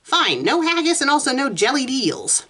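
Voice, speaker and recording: Brief: woman doing a brash young Boston gal, high and squeaky, blunt and grudging, in a read-aloud storybook. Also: sing-song, moderate pace, sharp tone, full character voice. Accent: Boston attempt.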